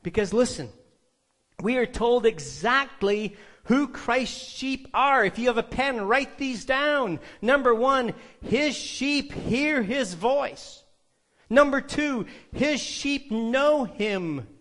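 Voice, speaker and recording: A man's voice: very high voice, animated, takes it slowly, a bit bright. A male pastor preaching a sermon, emphatic and putting rhetorical questions to the congregation.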